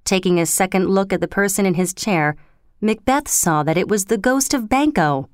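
A woman narrating a story in a clear, measured storytelling manner. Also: medium pitch, animated, dry recording, studio quality. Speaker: reader. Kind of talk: scripted narration.

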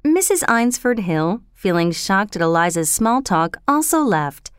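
A woman narrating a storybook in an expressive, steady reading voice. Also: medium pitch, measured pace, smooth, no room sound, clean studio sound.

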